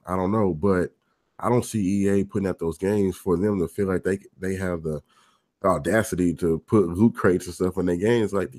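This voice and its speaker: A man's voice: low-pitched, a little mellow. A man co-hosting a casual gaming podcast, giving blunt, opinionated takes. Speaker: podcast co-host.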